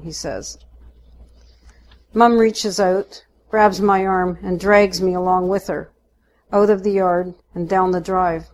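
A woman narrating a first-person story in a steady, unhurried way. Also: on the low side.

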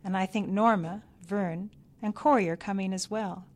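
Welcoming old grandma, quick and eager, pitched up, voiced by a woman reader. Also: fairly even intonation, a little mellow, natural voice. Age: older. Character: hospitable elderly grandmother, brisk.

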